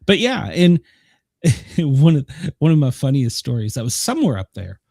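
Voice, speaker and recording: Lively, husky middle-aged male host. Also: mid-range voice, normal speed, no echo, clean studio sound. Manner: chatty storyteller, laughs often, animated. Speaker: podcast host. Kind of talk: casual chat.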